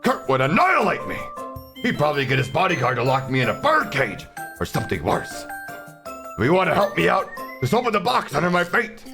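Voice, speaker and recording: A gruff, boastful talking duck , as a man puts him on, bursts out in a raised, grating voice. He swings his pitch widely and sounds fed up and pushy. Video game music plays clearly behind him. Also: huge pitch swings, fairly quick, heavily acted. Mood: indignant. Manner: loud and indignant, pitched up.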